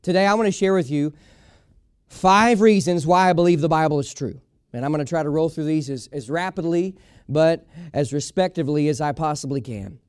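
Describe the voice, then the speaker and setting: A man's voice: a little high, brisk, a little mellow, smooth, dry recording, studio quality. A man preaching a sermon as a pastor, emphatic and folksy, repeating his key lines for weight.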